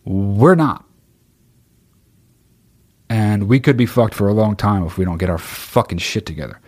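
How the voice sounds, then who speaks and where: A man's voice: on the low side, measured pace, a little mellow. A man hosting a podcast in casual chat, answering listener questions bluntly and swearing constantly as he rambles. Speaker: podcast host.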